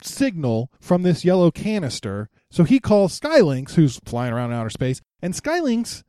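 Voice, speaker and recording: A man's voice: on the high side, huge pitch swings, moderate pace, warm tone, clear, resonant tone, dry recording, studio quality. A young man co-hosting a podcast, casually recapping a cartoon episode in a playful way and slipping into silly voices. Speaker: podcast co-host.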